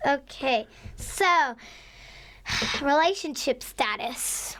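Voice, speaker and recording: A woman's voice: high voice, animated, drawn-out words, a bit bright, low-quality recording. A woman co-hosting a podcast, asking questions, teasing and giggling in casual chat.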